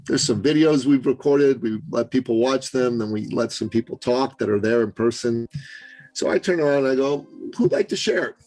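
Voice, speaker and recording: A middle-aged man from Canada, a business coach guest on a podcast, telling a story in an animated, emphatic way and acting out the quotes. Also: medium pitch, normal speed, faint music behind, poor audio. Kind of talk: storytelling in an interview.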